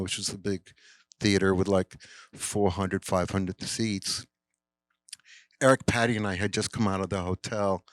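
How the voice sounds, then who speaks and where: A man's voice: lowish voice, a bit bright, no room sound. Older man telling a rambling story. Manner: rambling, fillers, acts out quoted voices. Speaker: film director, guest. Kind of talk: casual storytelling in a Q&A. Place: cinema, live Q&A.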